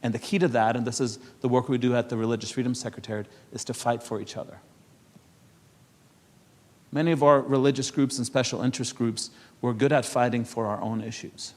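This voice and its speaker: A man from Europe speaking on a symposium panel. He tells stories in a lively way, acts out the people he quotes and turns earnest and persuasive. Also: mid-range voice, a little fast. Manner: animated storyteller who acts out quoted exchanges. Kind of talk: storytelling talk at a symposium panel.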